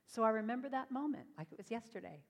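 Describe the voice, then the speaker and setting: A woman's voice: on the high side, animated, quick pace, gravelly, in a large hall. A woman giving an inspirational talk on stage, telling her stories animatedly and acting out the voices in them. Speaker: inspirational speaker. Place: stage before a live audience.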